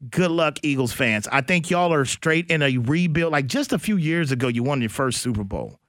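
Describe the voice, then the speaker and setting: A man hosting a sports radio show, talking in a blunt, animated, slangy way about football news. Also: on the high side, moderate pace, no room sound, studio quality. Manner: animated, blunt, slangy, does mock voices. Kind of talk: casual sports talk.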